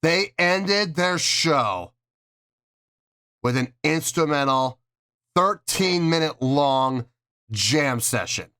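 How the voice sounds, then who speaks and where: A man hosting a music reaction video, talking in a lively, mock-outraged way with drawn-out emphasis. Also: a little high, clear, resonant tone. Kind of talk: casual reaction vlog.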